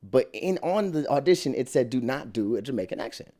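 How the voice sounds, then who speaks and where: A man's voice: mid-range voice, a little fast. A man being interviewed as a guest actor, chatting casually and telling stories with frequent laughter, in a hotel room. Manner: animated storyteller who laughs often. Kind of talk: casual chat.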